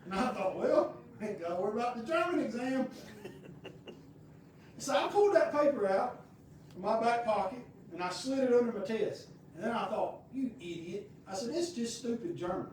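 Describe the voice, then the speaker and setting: A man's voice: extremely high pitch, lively intonation, normal speed, a little mellow, recorded from a distance, slight background noise. A male pastor, telling a personal story in a folksy, rambling, conversational sermon. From United States. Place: church sanctuary. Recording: very echoey room heard from afar.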